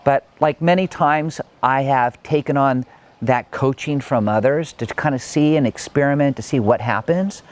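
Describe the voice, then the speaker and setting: A man's voice: medium pitch, moderate pace. Earnest man telling his story. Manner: earnest, heartfelt, with emphatic swells. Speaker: motivational speaker. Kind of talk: personal motivational talk.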